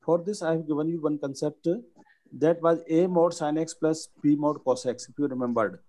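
A man, teaching a maths lesson and dictating each step slowly. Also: a little high, steady tone, warm tone, low-quality recording.

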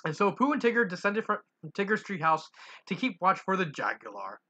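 A story reader who giggles and adds little asides while reading aloud. The voice is bright, with lively pitch. The home recording sounds dull and lo-fi. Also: fairly quick, breathy edge. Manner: giggly, self-commenting asides. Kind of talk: reading fan fiction aloud.

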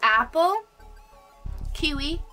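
A woman's voice: sits high, animated, drawn-out words, bright, forceful tone, soft background music. A young woman vlogger chatting casually, teasing and coaxing with a giggle. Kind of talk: casual chat.

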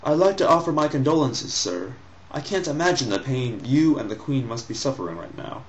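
A man's voice: mid-range voice, lively intonation, fairly quick, dull audio, pitched above the performer's own voice, natural voice. A man doing an earnest, pleading young man.

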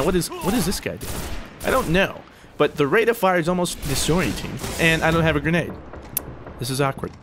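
Animated young man joking through gameplay. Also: a little high, a little hiss or hum. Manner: jokey, animated, talks to opponents and himself. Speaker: gaming YouTuber. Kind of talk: gameplay commentary.

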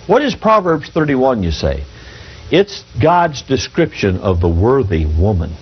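A male pastor preaching a sermon from the pulpit in a folksy, halting way, reading an article aloud to the congregation. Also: mid-range voice, big pitch swings. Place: church pulpit. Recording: dull lo-fi church recording.

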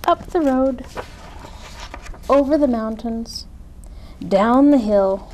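A woman reading a children's picture book aloud with expressive delivery. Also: on the high side, takes it slowly, slight background noise, low-quality recording. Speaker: story reader. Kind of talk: children's storytime read-aloud.

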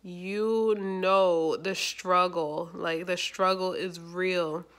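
A young adult woman chatting casually in a vlog, rambling and animated, with lots of fillers. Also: on the low side, extremely slow. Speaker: YouTuber.

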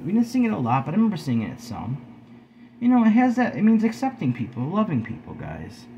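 A man's voice: mid-range voice, vocal fry, darkish tone, a little hiss or hum, rough recording. A man in his forties, talking earnestly to his viewers from home in a preachy vlog, often calling them guys. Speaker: video host. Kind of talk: earnest spoken vlog talk.

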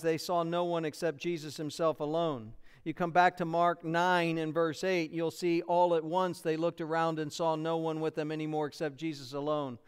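A man's voice: a little high, clear, resonant tone. A man with an American accent, a pastor preaching an expository sermon and acting out the quotes he reads.

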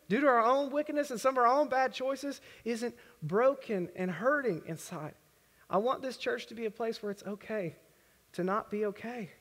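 Male pastor, very high voice, earnest and conversational sermon, long church-hall reverb. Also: fairly bright tone. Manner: conversational, earnest preaching with acted prayers. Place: church worship center.

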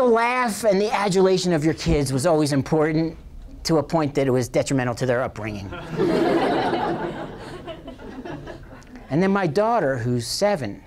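A man's voice: on the high side, lively intonation, normal speed, pauses often, a little mellow, slight background noise. A man in his fifties, a professor telling a bawdy, self-mocking comic story to a lecture hall.

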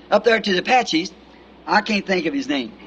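A preacher with a Southern American accent spins a folksy sermon story, his voice pitched high and ringing bright. He leans on homespun phrases and keeps asking "See?" to his listeners. The sound is an old tape recording from the 1960s. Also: big pitch swings, moderate pace, slightly rough. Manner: folksy anecdotes with repeated "See?". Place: church meeting with congregation.

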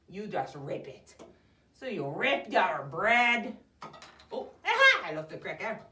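Bright, lively woman doing a silly chef act. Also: on the high side. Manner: silly and animated, playing a goofy chef character; talks straight to young viewers, with many questions and jokes. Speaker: children's library program host. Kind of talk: playful kids' cooking demo. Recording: echoey room, mic somewhat far.

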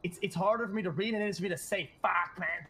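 High-voiced man stumbling through read-out codes. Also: fast talker, background noise. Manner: stumbling over reading codes, embarrassed. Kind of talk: in-character game roleplay.

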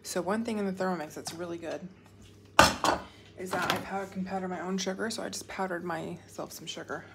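A woman's voice: on the low side, fairly even intonation, a little fast, gravelly. A young adult woman chatting enthusiastically to viewers as she walks through a home baking recipe in her kitchen. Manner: chatty, enthusiastic, talks to viewers while working. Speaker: home cooking vlogger. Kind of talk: casual cooking tutorial. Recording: kitchen clatter and appliance noise.

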